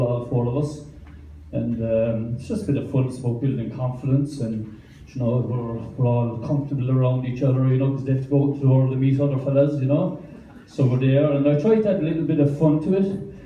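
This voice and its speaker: A man's voice: medium pitch, fairly even intonation, fairly quick, dark tone, slight background noise. Irish man rambling at a bar open mic. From Ireland. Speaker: stand-up comedian. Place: small wine bar open mic night. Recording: roomy, distant bar recording.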